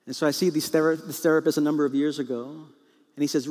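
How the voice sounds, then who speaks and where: Preacher telling a story in an echoing hall. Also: male voice, fairly high pitch, fairly even intonation, fast talker, darkish tone. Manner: storytelling with comic acted quotes. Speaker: pastor. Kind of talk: sermon. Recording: long reverb in a large hall.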